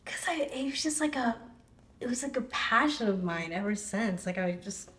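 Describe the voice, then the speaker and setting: A young woman chats about herself in a relaxed, rambling way, leaning on "like" and bursting into quoted reactions. Her voice sits at a middle pitch and carries a noticeable room echo around it. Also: moderate pace. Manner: chatty, fillers of "like", animated quoting of others. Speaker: singer guest. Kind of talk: casual interview chat. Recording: roomy echo.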